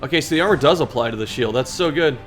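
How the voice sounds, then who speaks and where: Male game host, mid-pitched, reads story text and jokes about his own misplays over faint music. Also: expressive, racing. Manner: self-deprecating, laughs at own mistakes. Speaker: gaming video host. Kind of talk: reading game text aloud and playing commentary.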